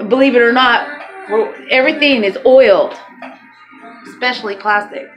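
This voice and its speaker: A woman's voice: on the high side, normal speed, fairly bright tone, muffled recording. A woman talking to her camera in a rambling, chatty way, swearing freely. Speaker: vlogger. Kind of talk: casual talk to camera. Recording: music playing behind voice.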